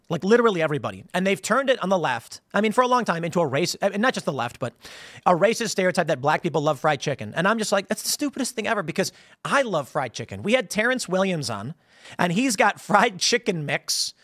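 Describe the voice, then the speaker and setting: An American man hosting a political commentary show, telling stories in a rambling, animated way with frequent restarts and laughs. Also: high voice, fairly quick, no echo, clean studio sound. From United States. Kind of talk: casual political commentary monologue.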